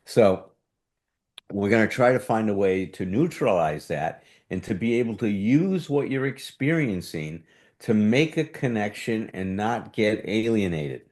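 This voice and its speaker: A man's voice: on the low side, animated, a little slow, darkish tone. A man teaching a relationship workshop in a conversational way, sometimes acting out what defensive speech sounds like. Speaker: workshop leader.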